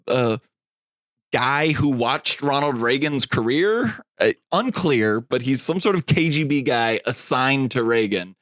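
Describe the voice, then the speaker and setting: Male podcast co-host, casual and rambling, swears freely, mid-pitched, dry close mic. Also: fairly bright tone, no room sound. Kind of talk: casual movie review chat.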